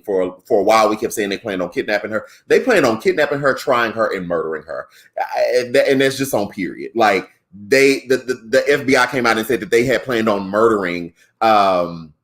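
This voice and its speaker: A man co-hosting a podcast, giving casual political commentary in an animated, slangy, conversational way with a Southern African American accent. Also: mid-range voice. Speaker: podcast co-host.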